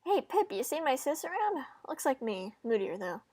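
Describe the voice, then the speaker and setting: Brash, swearing young woman from a visual novel, read by a woman, blunt and loud, fairly high voice in a dry room. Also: sing-song, normal speed, husky, no room sound, full character voice. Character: brash, foul-mouthed young woman, snappy.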